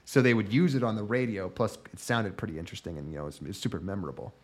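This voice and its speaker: A man's voice: lowish voice, fast. A man co-hosting a casual podcast, rambling and swearing as he explains, often trailing off. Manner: rambling, profane, trailing off at the ends of thoughts. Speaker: podcast co-host.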